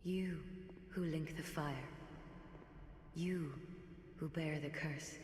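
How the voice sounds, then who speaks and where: Solemn mysterious female guide, slow flat delivery, game cutscene, long echoing reverb. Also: deep voice, slight background noise. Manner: slow, grave and measured. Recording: echoey reverberant game audio with faint ambience.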